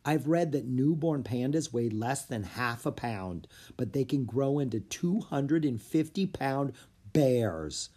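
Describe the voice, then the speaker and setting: A narrator puts on a gracious elderly lady for a children's storybook, polite and genteel. The voice is slightly husky and lively in pitch. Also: slow pace. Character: gracious elderly woman from New York. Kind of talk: audiobook character voice.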